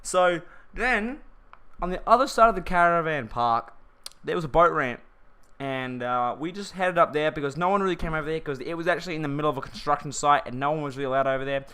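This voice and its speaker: Bright, slangy guy telling a story. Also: on the high side, lively intonation, fast talker, clear, resonant tone. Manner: rambling, slangy, many restarts. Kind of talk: casual storytime vlog.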